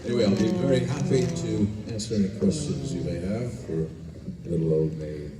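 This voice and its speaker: Low-voiced joking man in echoey hall. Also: fairly quick. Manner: relaxed, joking, self-deprecating. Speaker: actor answering fans at a convention panel. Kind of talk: convention Q&A. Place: large convention hall. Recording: echoey hall, distant mic, noisy crowd.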